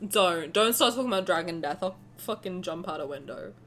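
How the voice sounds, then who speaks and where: Woman, young adult, streamer, excitable, swears, laughs, very lively pitch. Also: fairly quick, a little hiss or hum. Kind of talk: live-stream game reaction.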